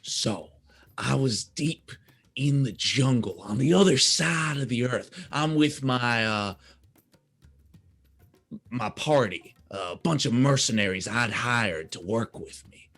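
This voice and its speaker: A man's voice: medium pitch, animated, slow pace, a bit bright, breathy edge. A man playing in a tabletop game, telling a boastful story in character. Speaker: player. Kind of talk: in-character tabletop role-play.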